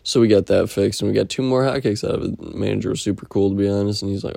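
Gravelly man with a low, dry voice. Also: steady tone, very fast, dark tone, no room sound. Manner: rambling, profane storytelling with impressions. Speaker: podcast host. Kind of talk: casual weekly update monologue.

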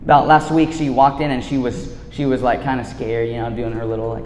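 A man giving a casual sermon, laid-back and slangy, swinging between hushed and loud. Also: mid-range voice, fairly even intonation, a little fast, few pauses, a little hiss or hum. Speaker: preacher. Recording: echoey hall reverb.

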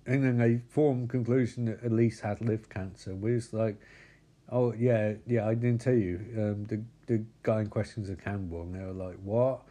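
Man, mellow voice, casual rambling recap, profane, quick character voices. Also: lowish voice, steady tone.

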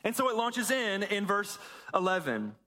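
A man's voice: high-pitched, sing-song, normal speed, sharp tone. A man preaching, reading a Bible passage aloud and then explaining it in a casual, conversational way. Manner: reads scripture then explains it conversationally, acting out quotes. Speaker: pastor. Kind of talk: sermon with scripture reading.

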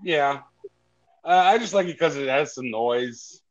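A man co-hosting a podcast through his headphones on a call. He gives calm, measured opinions that sometimes come out in quick bursts. His audio sounds dull and dry, with a lo-fi edge. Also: fairly high pitch, no room sound. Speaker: podcast co-host. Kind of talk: casual podcast chat. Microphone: headphones on an online call.

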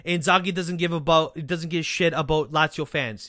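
A man hosting a football podcast, ranting sarcastically and swearing as he talks to the players directly, his voice worn from yelling. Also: a little high, brisk, few pauses, dry recording, clean studio sound. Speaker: podcast host. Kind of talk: casual football rant.

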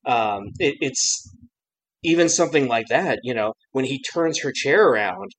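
A man's voice: mid-range voice, a little slow, poor audio. Chatty man laughing through casual talk. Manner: animated, laughing, fond of acting out lines. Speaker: podcast co-host. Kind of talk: casual discussion.

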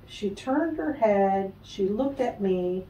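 A woman telling a personal story as a guest in an interview, animated, acting out the voices of other people and laughing often. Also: mid-range voice, takes it slowly, roomy sound, distant mic, slight background noise, rough recording. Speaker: guest, spiritual healer.

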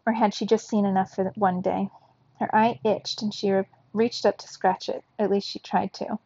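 Brief: woman reading a children's novel aloud, husky and gravelly, dry dull lo-fi recording. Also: mid-range voice, moderate pace, no echo. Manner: steady storybook narration. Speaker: reader.

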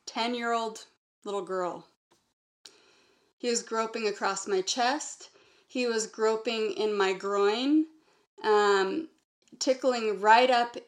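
A woman guest recounting a personal memory in an earnest, halting way, linking thoughts with repeated "and". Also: medium pitch. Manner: earnest, halting, strings sentences with "and". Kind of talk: personal testimony in conversation.

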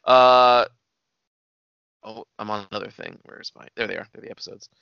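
A man's voice: fairly low pitch, steady tone, moderate pace, gravelly, sharp tone, clear, resonant tone, no echo, muffled recording. A man chatting casually as a co-host, laughing often and swearing freely as he retells scenes. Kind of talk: casual chat.

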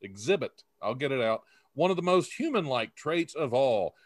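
A man's voice: medium pitch, big pitch swings, normal speed, dry recording. A man hosting a casual comedy podcast, reading odd news stories aloud and laughing often. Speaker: podcast host.

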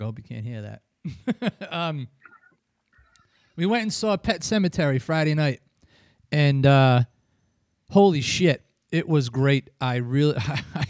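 A man hosting a casual podcast chat, telling a long rambling story full of swearing and chuckles. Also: high voice. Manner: profane, rambling, chuckles often. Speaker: podcast host.

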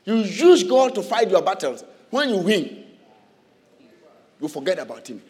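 A man preaching a sermon in church, animated, firing questions at the congregation and laughing between lines. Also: sits high, normal speed, long reverb tail.

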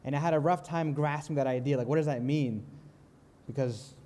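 Young male preacher, slightly high, mellow tone, calm and earnest, softens on key lines, reverberant sanctuary. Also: brisk. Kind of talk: sermon with storytelling. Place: church sanctuary.

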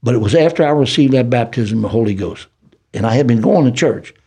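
An older man with a Southern US city accent, telling his life story as a podcast guest in a preacherly, animated way. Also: medium pitch, fast talker, slightly rough. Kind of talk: storytelling testimony.

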